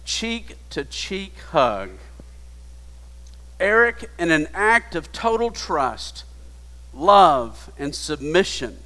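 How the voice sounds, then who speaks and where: Slow-preaching man in a reverberant hall. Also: a little high. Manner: slow, hushed retelling rising to emphatic preaching. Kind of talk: sermon storytelling.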